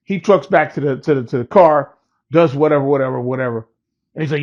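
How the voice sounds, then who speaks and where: A man's voice: fairly high pitch, fast, a little mellow. A man casually telling a personal story in a profane, laid-back way and laughing at it. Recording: dull lo-fi recording.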